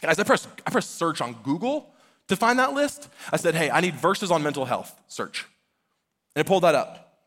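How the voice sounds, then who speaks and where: A man's voice: fairly high pitch, expressive, moderate pace, fairly bright tone. A man in his thirties preaching a sermon, earnest and conversational, often using casual fillers. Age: 30s. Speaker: pastor.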